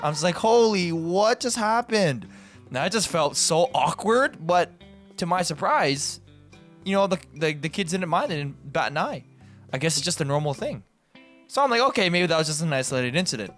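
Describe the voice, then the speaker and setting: A young man hosting a podcast, telling stories in a casual, animated way and acting out what other people said. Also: a little high, fairly quick, faint music behind. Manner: animated, acts out voices in quotes. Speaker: podcast host. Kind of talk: casual storytelling.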